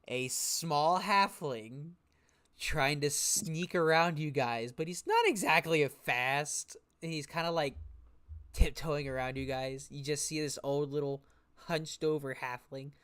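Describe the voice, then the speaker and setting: Slow, rambling game master. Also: mid-range voice, a bit bright, smooth. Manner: rambling, repeats words, laughs. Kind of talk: narrating a tabletop game.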